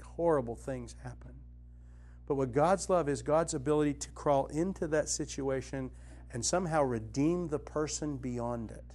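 In an earnest, conversational spiritual talk, a middle-aged Christian teacher and writer draws on his own life stories. At times his voice goes soft and low, and at others it swells with conviction.

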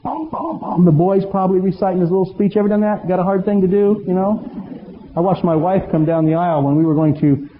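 A middle-aged man preaching a storytelling sermon as pastor, animated and humorous, acting out bits of dialogue. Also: high voice, fast. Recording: reverberant hall, muffled with faint noise.

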